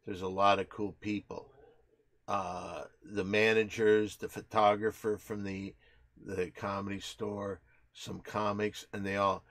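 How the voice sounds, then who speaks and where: A man hosting a casual show, joking crudely and breaking into mock play-by-play with loud excited calls. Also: fairly low pitch, measured pace. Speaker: podcast host.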